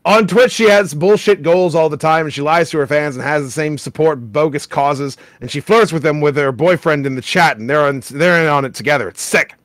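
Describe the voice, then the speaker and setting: A man's voice: fairly high pitch, a little fast, few pauses, a bit bright, dry recording. A man hosting a comedy show, wryly reading forum posts aloud and laughing at them. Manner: wry, laughs at what he reads. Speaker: host reading internet posts.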